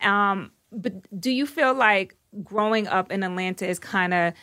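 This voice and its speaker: A woman from New York hosting a radio interview, bubbly and quick to laugh as she asks questions. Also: medium pitch, no echo. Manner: bubbly, laughs often, animated. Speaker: radio host. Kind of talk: casual interview chat.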